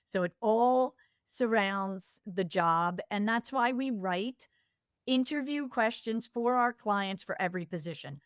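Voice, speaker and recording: Female expert guest, mid-pitched, animated storyteller; dry close sound. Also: a little slow, clear, resonant tone, no echo. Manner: animated storyteller, acts out quoted exchanges. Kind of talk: casual business discussion.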